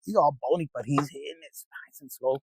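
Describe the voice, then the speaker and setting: A man's voice: on the high side, fairly quick, gravelly, slightly rough, no echo, low-quality recording. A man giving a casual tarot reading, rambling and streetwise, swearing freely as he talks to viewers. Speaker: tarot reader.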